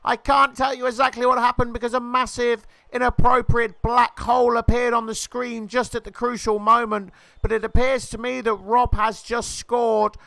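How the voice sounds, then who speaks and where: A man doing jokey football-style commentary over a video game match, rising to shouts at near misses and goals. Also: very high voice, flat delivery, normal speed, hardly any pauses, clear, resonant tone, no room sound.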